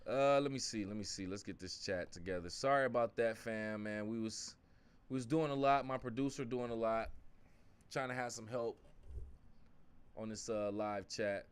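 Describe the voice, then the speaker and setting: A young man hosting a live-stream sports watch-along, casual and slangy, switching between low mumbled asides and loud outbursts at the plays. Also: moderate pace, clear, resonant tone. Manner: excitable, swings from mumbling asides to shouting at the game; uses slang like fam and bro.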